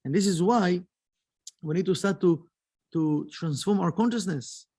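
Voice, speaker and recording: A man gives a kabbalah lesson in an earnest, halting way and pauses on fillers. His voice sits high with a gravelly fry. The recording is dry and close. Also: mellow, dry recording. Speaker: kabbalah teacher. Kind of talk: spiritual lesson with storytelling. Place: kabbalah center.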